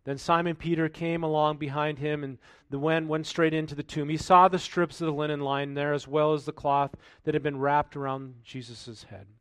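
A male pastor giving a sermon, reading scripture aloud and then commenting in a relaxed, conversational way with rhetorical questions. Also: fairly high pitch, moderate pace, hardly any pauses, clear, resonant tone, no echo.

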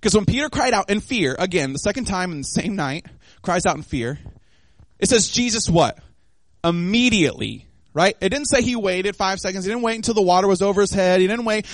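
A young adult man preaching a sermon, telling a story with lively, acted-out voices and quotes. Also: high voice, a little fast, no room sound.

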